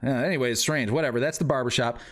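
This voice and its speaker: A man running a tabletop game at a mid pitch. His narration is loose and rambling, filled with fillers as he describes each scene. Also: very fast. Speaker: game master.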